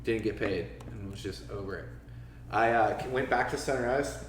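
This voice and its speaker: A man's voice: on the low side, moderate pace. A man in his forties from Florida, a podcast guest telling stories casually, swearing freely and acting out quotes in a raised voice. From Florida, USA. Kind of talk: casual storytelling interview. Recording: echoey room, mic a bit far, faint background noise.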